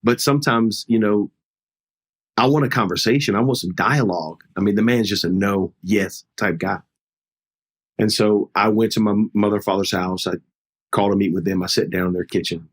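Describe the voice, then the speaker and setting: A man's voice: on the low side, steady tone, a little fast. A middle-aged man, a pastor, telling a personal story in an earnest, conversational way during a podcast interview.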